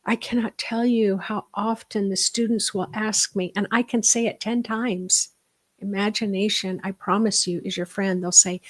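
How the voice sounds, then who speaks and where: Animated middle-aged woman teaching a spiritual workshop. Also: mid-range voice, normal speed. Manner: animated, emphatic, shifting pace with soft hushed asides. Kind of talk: live online workshop teaching.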